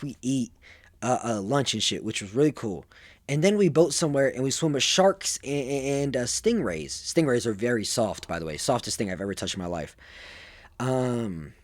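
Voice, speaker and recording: A man's voice: mid-range voice, darkish tone, no room sound. An eighteen-year-old man telling stories casually, rambling and full of fillers. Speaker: vlogger. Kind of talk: casual storytelling.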